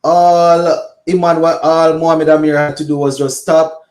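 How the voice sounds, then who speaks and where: A man's voice: on the high side, flat delivery, unhurried, darkish tone, reverberant. A man with a Caribbean accent commentating live on a cricket match for a watch-along stream. He laughs a lot and slips into local Creole.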